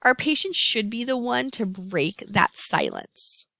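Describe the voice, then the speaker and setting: Woman nursing instructor, gravelly tone, dry close recording, explanatory lecture delivery. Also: on the high side, big pitch swings, a little slow, bright, forceful tone, no room sound. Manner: explanatory, repeats key terms, frequent "um".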